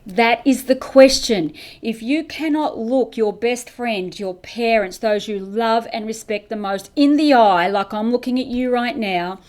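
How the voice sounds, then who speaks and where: A woman's voice: fairly high pitch, unhurried, few pauses. Emphatic woman coaching. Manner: emphatic, rhetorical questions, animated coaching. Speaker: podcast host and business coach. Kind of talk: motivational podcast monologue. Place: indoors, facing camera.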